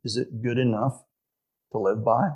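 A pastor preaching a sermon, emphatic, slowing down to stress key phrases. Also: male voice, medium pitch, steady tone, darkish tone, breathy edge, lo-fi sound.

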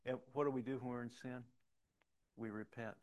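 A man's voice: mid-range voice, steady tone, normal speed, darkish tone. A middle-aged man preaching a sermon, telling personal stories with many restarts and rising to emphatic calls to the congregation. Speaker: pastor.

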